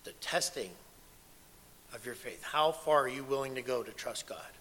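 Forceful preacher, bright voice. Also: male voice, mid-range voice, animated, normal speed, slight background noise. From United States. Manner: emphatic storytelling, dropping to a hush and rising loud. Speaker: pastor and former missionary. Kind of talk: sermon.

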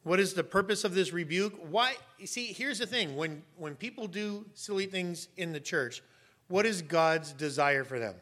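A high-pitched middle-aged pastor preaches at normal speed with lively intonation. His sermon is emphatic, punctuated by occasional sharp, raised shouts.

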